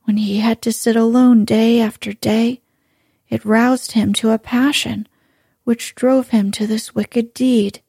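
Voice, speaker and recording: A woman voicing a kind elderly grandmother in a slow, soft, breathy bedtime story reading. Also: a little high, big pitch swings, dry recording, clean studio sound, full character voice. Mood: kind, coaxing.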